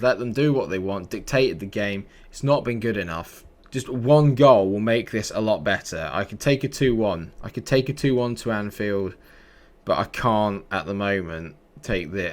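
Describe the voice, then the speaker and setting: A young man commentating his own football management game in a casual way, grumbling under his breath and breaking into exasperated outbursts. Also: lowish voice. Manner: exasperated, swings from mutters to outbursts. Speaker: gaming YouTuber. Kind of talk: casual let's-play commentary.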